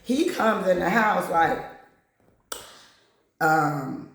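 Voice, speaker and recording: A woman's voice: on the low side, lively intonation, drawn-out words, gravelly, a bit bright. A woman recounts her own story with blunt candor, slipping into other people's voices as she goes. She talks casually and plainly, straight to the listener. Her voice rings around a very echoey room. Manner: candid, blunt, acts out other people's lines. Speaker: channel host.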